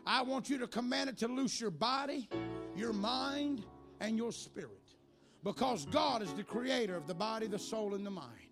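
A man preaching at a church service, telling stories with animation and building to shouted preaching. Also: high voice, expressive, normal speed, vocal fry. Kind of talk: sermon with storytelling. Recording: music under the preaching. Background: church music.

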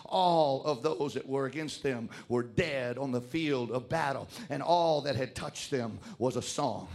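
A man preaching a sermon, emphatic and exhorting, swinging between shouted lines and hushed asides. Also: fairly high pitch, gravelly.

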